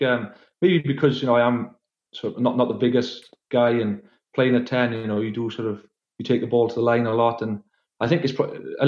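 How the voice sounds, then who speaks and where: A man with a Welsh accent, a podcast guest, talking casually in a relaxed, hesitant, self-deprecating way. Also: medium pitch, echoey room, highs cut off. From Wales. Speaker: guest, retired rugby player. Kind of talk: casual chat.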